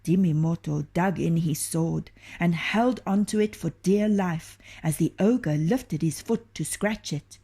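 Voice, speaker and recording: Breathy woman reading a storybook aloud. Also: on the low side. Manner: expressive, often dropping to a hushed whisper.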